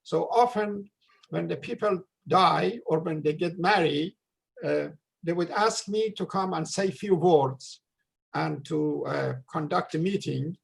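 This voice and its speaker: A man giving an earnest memorial talk over a video call, pausing often with drawn-out fillers. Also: a little high, vocal fry, slightly rough, poor audio. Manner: hesitant, many drawn-out uh fillers. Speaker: memorial gathering speaker. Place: home room, virtual gathering. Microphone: video call microphone.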